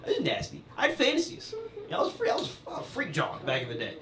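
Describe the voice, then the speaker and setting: A man's voice: a little high, wildly swooping pitch, quick pace. A young man performing a stand-up comedy set, playful and punchy, with conversational asides to the crowd. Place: comedy venue with audience laughter. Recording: roomy live club sound.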